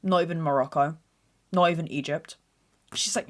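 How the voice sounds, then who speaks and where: A woman's voice: on the low side, fairly quick, fairly bright tone. A young woman in her twenties hosting a podcast, telling stories in a blunt, sweary, dramatic way. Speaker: podcast host. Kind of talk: casual storytelling monologue.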